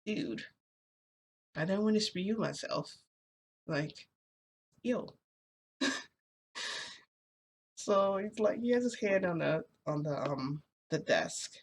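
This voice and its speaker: A woman's voice: on the low side, lively intonation, slow pace, vocal fry, long pauses, slightly rough. A young woman vlogger telling a casual story, rambling and full of "like" fillers.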